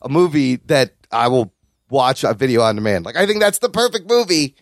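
A man hosting a casual podcast, talking fast between topics with a lot of swearing. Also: mid-range voice, animated, dry recording, clean studio sound. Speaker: podcast host.

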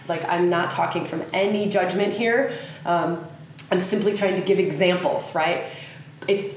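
Slow, frank woman in an echoey room. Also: mid-range voice, a little hiss or hum. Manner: earnest, frank, swears casually. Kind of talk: casual spiritual talk.

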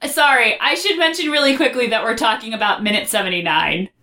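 A woman co-hosting a podcast in casual chat, laughing often and recapping scenes quickly. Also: fairly high pitch, sharp tone. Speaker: podcast co-host.

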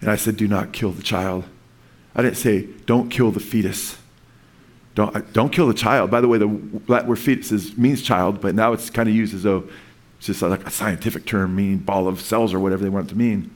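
A man's voice: lowish voice, steady tone, fast talker. Earnest rambling male preacher. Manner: earnest, rambling, frequent restarts and asides. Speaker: pastor. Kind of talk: sermon.

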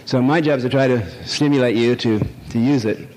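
Wry rambling lecturer in a reverberant hall. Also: male voice, medium pitch, animated, brisk, darkish tone. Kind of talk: live lecture to an audience. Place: lecture hall with a live audience. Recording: long hall reverb, faint noise.

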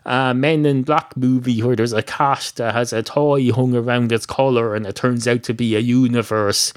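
A man's voice: medium pitch, fairly even intonation, normal speed, dry recording, clean studio sound, natural voice. An Irish man voicing a pedantic universe that looks like a ball of wool. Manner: fussy, correcting.

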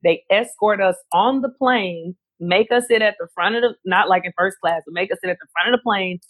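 A woman telling a story in casual chat, animated and quick, acting out what other people said. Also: lowish voice, dry recording.

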